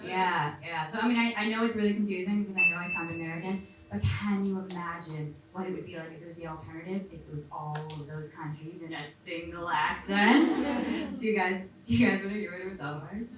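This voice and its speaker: A woman's voice: lowish voice, fairly even intonation, a little fast, far from the mic, heavy background noise. Chatty self-mocking woman in an echoey club. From China. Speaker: stand-up comedian. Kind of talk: stand-up comedy set. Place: comedy club stage.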